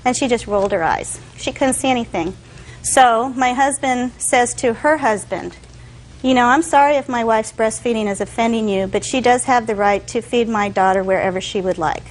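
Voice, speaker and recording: A woman's voice: on the high side, moderate pace, a little hiss or hum, rough recording. A young woman testifying as a defendant in court, telling her story with animation and acting out other people's voices.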